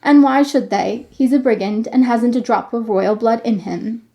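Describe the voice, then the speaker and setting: A woman reading aloud, voicing a calm, sturdy twelve-year-old boy who speaks plainly and with curiosity. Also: fairly high pitch, normal speed, creaky.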